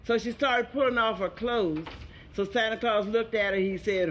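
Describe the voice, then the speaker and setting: A woman's voice: fairly high pitch, moderate pace, dull audio. A woman stand-up comedian telling bawdy jokes in an earthy, sassy manner. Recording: live club recording with loud audience. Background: audience laughing.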